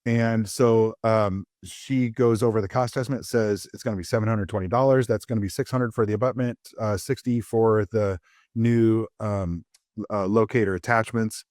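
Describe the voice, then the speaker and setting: A man's voice: on the low side, fairly even intonation, moderate pace, darkish tone, dry recording, studio quality. Rambling male dentist telling a story. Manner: rambling, many fillers and restarts, self-deprecating. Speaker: dentist and podcast co-host. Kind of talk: casual storytelling chat.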